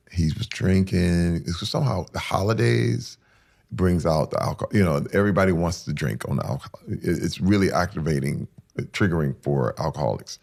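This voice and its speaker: Low gravelly man telling his story. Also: lively intonation, fairly quick. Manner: rough street talk, building to loud intensity. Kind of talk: emotional personal storytelling.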